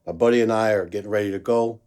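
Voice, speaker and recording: Low-voiced man telling a story. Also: fast, clean tone. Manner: animated storyteller, acts out quoted voices. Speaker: blues musician telling a story. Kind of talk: casual storytelling.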